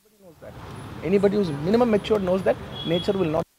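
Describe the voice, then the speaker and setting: A man talks rapidly in a fairly high voice, giving an earnest statement to reporters. He sounds emotional and keeps repeating phrases. Clear background noise from an outdoor garden runs under his voice. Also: dark tone, rough recording. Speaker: film actor speaking to the press. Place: outdoor garden during a press meet.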